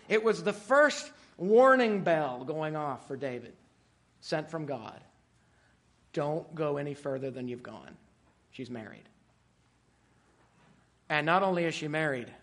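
Bright-voiced preacher man, soaring then hushed. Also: a little high. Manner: swings from quiet asides to loud emphatic peaks. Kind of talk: sermon.

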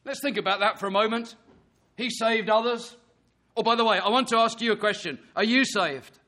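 High, bright-voiced male preacher. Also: brisk. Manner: earnest, emphatic preaching with rhetorical questions. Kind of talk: sermon.

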